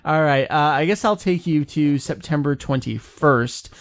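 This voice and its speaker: A man co-hosting a casual fan podcast, relaxed and chatty with frequent fillers. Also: a little high, normal speed, dry recording, clean studio sound. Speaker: podcast co-host.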